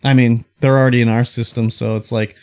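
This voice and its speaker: A man's voice: mid-range voice, flat delivery, fast, darkish tone. Swearing, ranting podcast co-host man. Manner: ranting storyteller, acts out quoted coworkers; swears casually. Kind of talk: casual chat.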